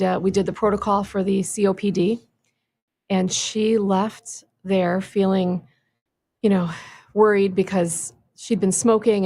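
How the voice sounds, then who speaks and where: A woman's voice: medium pitch, gravelly, darkish tone, slight background noise. A woman who is a clinic guest on a radio talk show, telling a patient's story in a friendly, anecdotal way. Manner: friendly, anecdotal, with small restarts. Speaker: stem cell clinic guest. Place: radio studio. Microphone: studio microphone.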